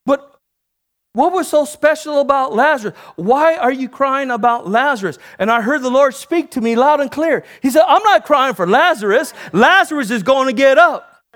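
A man preaching a sermon, calling for amens from the congregation and building to shouted peaks. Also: very high-pitched, expressive, moderate pace. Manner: call-and-response preaching, rising to shouts.

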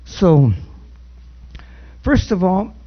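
A man preaching a sermon and leading a spoken prayer, earnest and halting, with many restarts. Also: sits high, animated. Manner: louder and fervent when praying. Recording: dull lo-fi recording.

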